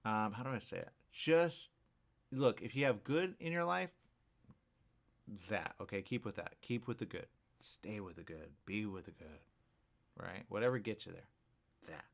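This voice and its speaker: A man with a lowish voice hosting a morning radio show. He rambles in a loose, repetitive monologue, restarting his sentences and tagging them with "okay?" as he goes. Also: animated, normal speed, creaky, long pauses. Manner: repetitive, hesitant, keeps asking "okay?".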